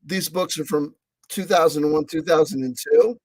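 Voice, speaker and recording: Male vlogger, somewhat high voice, talks in excitable self-mocking loops, dead-dry room sound. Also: normal speed, no echo. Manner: excitable, repeats himself, swears; self-mocking, laughing asides. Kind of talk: rambling casual monologue.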